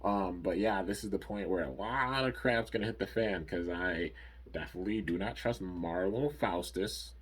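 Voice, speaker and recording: In a loose, rambling recap of a cartoon episode, a man with a deep, slightly husky voice keeps a moderate pace. He leans heavily on fillers like "like" and "you know" as he goes.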